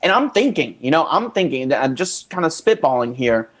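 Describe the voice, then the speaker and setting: A man's voice: fairly high pitch, big pitch swings, a little fast. A man improvising a comedy writers' room scene, agreeable and rambling.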